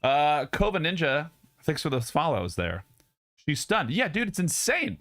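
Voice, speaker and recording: A man's voice: on the high side, huge pitch swings, a little slow, fairly bright tone. A young man hosting his live stream, chatting casually and loosely with lots of restarts and swearing. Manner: loose, profane, rambling with many restarts. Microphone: studio dynamic mic.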